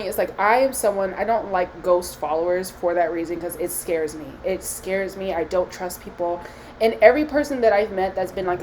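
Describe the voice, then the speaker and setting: A woman's voice: mid-range voice, darkish tone, a little hiss or hum, poor audio. A young woman, a psychic medium, talking candidly to her phone camera, emotional and close to tears, swearing freely. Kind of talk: emotional self-talk vlog.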